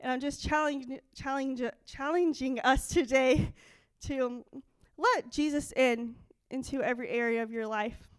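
A young adult woman giving an excited, animated testimony in a church service, acting out her own quoted dialogue. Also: sits high, a little slow, few pauses, smooth, dry recording. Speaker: church speaker.

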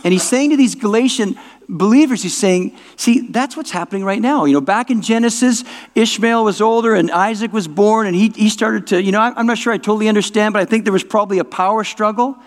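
In a high-pitched, brisk voice, a man preaches a casual, conversational sermon, frequently restarting words and checking whether his listeners follow. The recording rings with a large hall's long reverb.

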